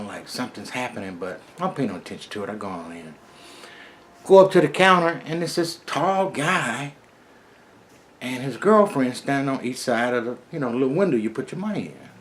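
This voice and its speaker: A middle-aged man spinning a story from his own life in a relaxed, conversational way. His speech is streetwise and salted with profanity. His voice sits at an ordinary middle pitch. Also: normal speed, slight background noise. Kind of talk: casual first-person storytelling.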